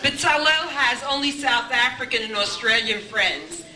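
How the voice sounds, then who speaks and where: Older woman, grandmother giving a chatty anecdotal celebration speech; slightly high voice, recorded from a distance in an echoey room with background noise. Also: lively intonation, normal speed. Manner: chatty storyteller, repeats "I says", many restarts.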